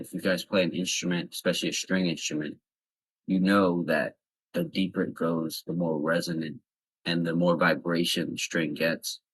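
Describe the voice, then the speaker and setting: A young man giving casual voice tips in a relaxed, rambling way with lots of fillers. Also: low-pitched, slightly rough, rough recording. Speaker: voice tips vlogger. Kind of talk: casual instructional talk.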